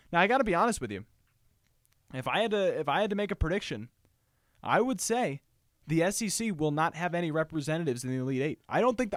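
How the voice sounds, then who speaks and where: Man, solo sports host, emphatic, repeats points, slightly high pitch, dry close sound. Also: no room sound.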